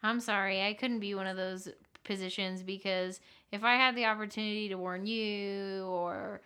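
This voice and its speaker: A woman co-hosting a casual movie podcast, blunt and quick to swear. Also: medium pitch, steady tone, sharp tone, clean tone. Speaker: podcast co-host.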